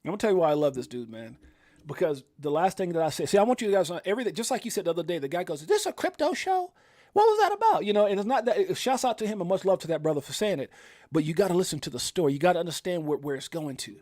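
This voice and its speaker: A man's voice: fairly high pitch, very fast, a little mellow, dry recording, studio quality. A middle-aged man hosting a casual livestream, telling a personal story with emphasis and acting out what people said. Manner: emphatic storytelling, acts out quoted exclamations. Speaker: livestream host.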